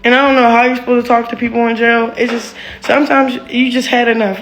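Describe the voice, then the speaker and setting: A woman's voice: a little high, flat delivery, quick pace, hardly any pauses, soft background music. A woman venting about her relationship in a candid, rambling monologue, heated and full of swearing and "like". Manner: rambling, heated, profane, heavy use of "like".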